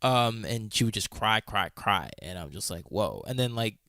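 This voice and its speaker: A man's voice: lowish voice, animated, normal speed, sharp tone, no room sound, studio quality. A man co-hosting a casual podcast chat, telling stories animatedly, laughing often and swearing casually. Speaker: podcast co-host.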